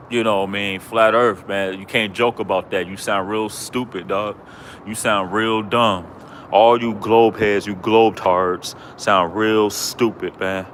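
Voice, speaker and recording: Male livestream host, low voice, repetitive mocking rant, outdoors with faint traffic. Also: fairly bright tone. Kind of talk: ranting livestream monologue.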